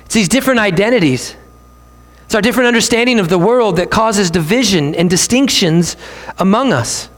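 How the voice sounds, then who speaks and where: Brief: male preacher, high voice, emphatic sermon delivery, hall reverb. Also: expressive, fairly bright tone. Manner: emphatic, repeats key lines slowly. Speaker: pastor.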